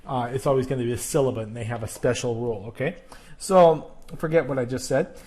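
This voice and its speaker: A man's voice: medium pitch, fast, darkish tone. A male teacher explaining an exercise in a recorded video lesson, patient and self-correcting as he goes step by step.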